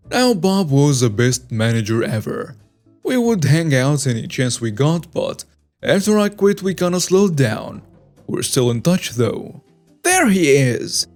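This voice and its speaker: A man narrating scripted online stories in an animated storytelling manner, reading lists item by item. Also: fairly high pitch.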